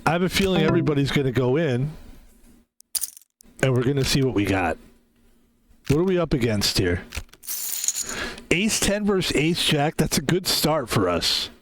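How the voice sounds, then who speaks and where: Streaming a card game, a man chats casually, rambling, joking and swearing freely as he comments on play. His fairly high voice is very animated, at normal speed with long pauses, and the recording quality is low.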